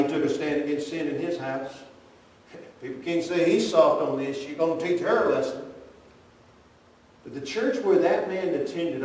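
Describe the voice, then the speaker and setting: A male preacher with a somewhat high voice tells a story and questions his listeners earnestly. The sound is heavily echoey, picked up from a distance in a church sanctuary, with a faint rumble underneath. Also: a little mellow. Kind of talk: sermon.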